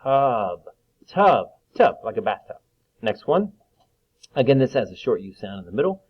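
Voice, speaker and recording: A male teacher giving a reading lesson to young children, slowly sounding out words and encouraging them. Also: lowish voice, big pitch swings, husky. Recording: dull lo-fi recording.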